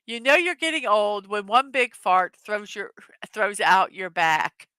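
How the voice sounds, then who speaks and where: A middle-aged woman chats her way through a morning show, laughing often at her own jokes. She talks slowly, in a bright, clear voice. The sound is dry and close. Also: mid-range voice, very animated, no room sound. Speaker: host of a daily morning show. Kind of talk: casual chat reading memes to a live audience.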